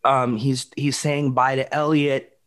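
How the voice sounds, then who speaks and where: A man's voice: medium pitch, takes it slowly. A man in his forties co-hosting a casual chat, telling stories with lots of restarts and calling his friend dude and bro. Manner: rambling, animated storytelling with frequent restarts, calls people dude and bro. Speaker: podcast co-host.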